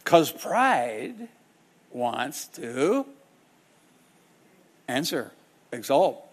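A man preaches a sermon, his voice rising and falling with lively swings in pitch. He is dramatic and stops now and then to act out the people in his stories. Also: very slow, husky. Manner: dramatic, acts out quoted people in shifting voices.

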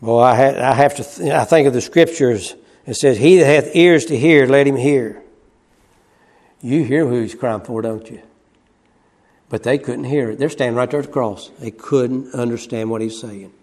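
A man preaching a sermon. He swings from loud, high cries to hushed low asides, repeating phrases and chuckling as he goes. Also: animated, normal speed.

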